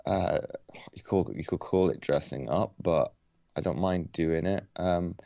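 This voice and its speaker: A man's voice: sits low, a little slow, gravelly, dark tone, no room sound, highs cut off. A laid-back man answering questions as a podcast guest over a video call, often stopping and restarting his sentences. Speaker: podcast guest, paralympic athlete. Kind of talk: casual interview chat.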